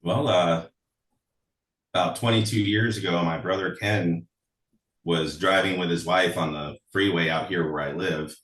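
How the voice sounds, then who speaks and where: A man with a lowish voice tells personal stories in a loose, chatty way, often stopping to laugh. He sits away from the mic, and the room adds a noticeable echo. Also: steady tone, a little slow, a bit bright, far from the mic. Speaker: songwriter guest. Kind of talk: casual storytelling interview.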